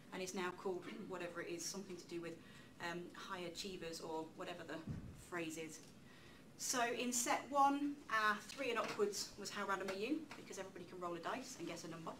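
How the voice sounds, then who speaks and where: Woman lecturer, lively chatty talk, distant mic, faint room noise. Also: mid-range voice. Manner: lively, chatty, self-deprecating asides. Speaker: public lecturer. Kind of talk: public talk on outreach.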